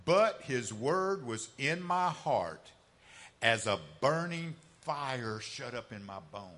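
A man preaching an impassioned sermon, swinging between loud emphatic lines and hushed asides, with folksy, colloquial phrasing. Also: mid-range voice, lively intonation, takes it slowly.

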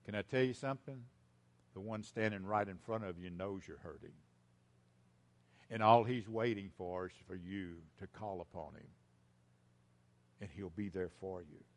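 A man preaching a sermon to his congregation, repeating key lines for emphasis and swinging between loud and hushed delivery. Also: low voice, moderate pace, long pauses. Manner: speaks directly to the congregation as folks. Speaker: pastor.

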